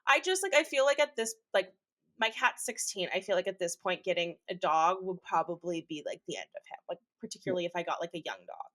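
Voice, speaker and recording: A woman's voice: lowish voice, lively intonation, fast, a bit bright. A young woman co-hosting a podcast, chatting casually, rambling and laughing often. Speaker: podcast co-host. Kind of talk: casual chat.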